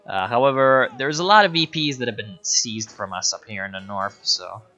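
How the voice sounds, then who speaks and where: A man's voice: on the low side, normal speed, sharp tone, dull audio, faint music behind. Chatty man streaming a strategy game. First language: Italian. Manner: chatty, joking, reads chat aloud. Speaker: gaming streamer. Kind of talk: casual live game commentary.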